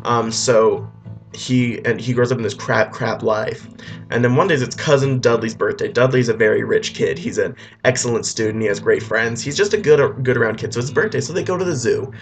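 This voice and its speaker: A man's voice: medium pitch, a little fast, faint music behind. A man rambling offhand through a comic story retelling, with loose restarts.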